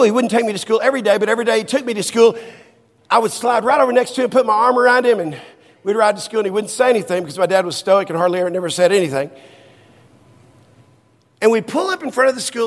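High-voiced man preaching in a reverberant hall. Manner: emotional, swings from soft low asides to high excited exclamations. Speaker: pastor. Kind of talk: sermon storytelling.

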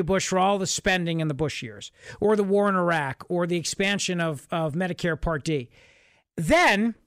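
A man's voice: high voice, a bit bright, no echo. A man hosting a political talk radio show, speaking in an emphatic, repetitive, sarcastic monologue from a radio studio. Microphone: studio microphone.

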